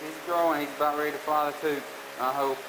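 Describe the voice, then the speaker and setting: A man talks fast and a bit high from right behind the camcorder, chatty and teasing as he films his family. The home video recording carries a steady hiss under his voice. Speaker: person filming the family video. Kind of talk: casual chat behind the camera.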